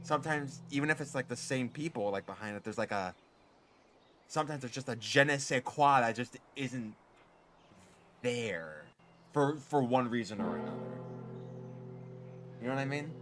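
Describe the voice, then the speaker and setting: A man's voice: mid-range voice, normal speed, pauses often, a bit bright. A man streaming, chatting casually and rambling with lots of filler words. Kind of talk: casual gaming stream chat. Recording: game music under the voice. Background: music.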